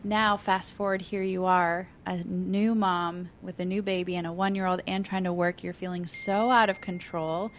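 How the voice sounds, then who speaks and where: A woman hosting a faith podcast who talks in a quick, chatty way, full of "like" fillers and lively examples. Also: lowish voice, slight background noise. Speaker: podcast host, inner healing practitioner. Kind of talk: casual conversational interview.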